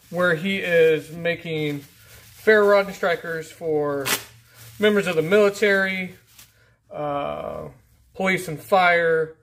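A man hosting a casual mail-call vlog, rambling and easygoing as he opens packages, often trailing off into low mutters. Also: a bit bright. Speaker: YouTube channel host. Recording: faint background noise.

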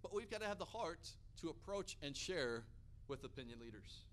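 A man from Hawaii preaching a sermon, an energetic, animated storyteller. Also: on the high side, normal speed. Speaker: pastor.

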